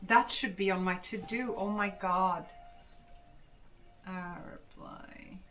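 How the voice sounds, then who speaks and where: Young woman streamer, chatty and unhurried, bright tone; distant mic, faint music behind. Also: mid-range voice, fairly even intonation. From Gothenburg, Sweden. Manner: chatty, reads and answers chat. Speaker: livestreamer. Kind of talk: casual chat with viewers.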